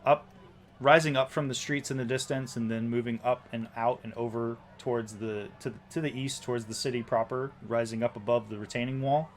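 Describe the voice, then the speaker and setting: A man narrating a tabletop game as game master, halting often with ums and restarts. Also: mid-range voice, fairly bright tone, slight background noise.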